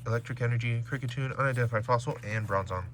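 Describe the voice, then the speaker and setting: A man's voice: medium pitch, racing, a little hiss or hum. A man casually chatting while opening trading card packs at home, reading out card names and stats. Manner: animated, reads card names and stats aloud.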